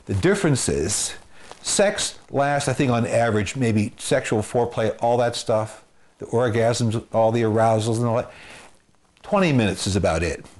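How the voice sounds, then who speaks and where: A man's voice: mid-range voice, normal speed, darkish tone. A man who works as a marriage and family therapist, giving earnest advice to the camera, repeating phrases for emphasis and using everyday comparisons. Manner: gives homespun comparisons.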